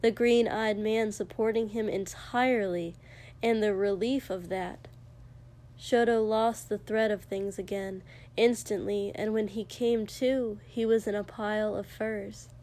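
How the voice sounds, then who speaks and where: A woman narrating a fiction story aloud in a measured, expressive way. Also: medium pitch. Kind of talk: audiobook fiction reading.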